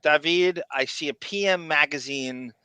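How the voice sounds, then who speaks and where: Bright-voiced animated male podcast host. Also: fairly high pitch, unhurried, clear, resonant tone, no echo. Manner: animated, laughs often, reads viewer messages aloud. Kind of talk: casual livestream chat.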